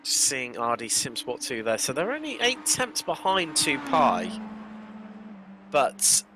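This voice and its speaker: A man's voice: medium pitch, big pitch swings, slow, bright, forceful tone, slight background noise. A man co-commentating on a sim race, chatty and jokey in friendly back-and-forth with his partner.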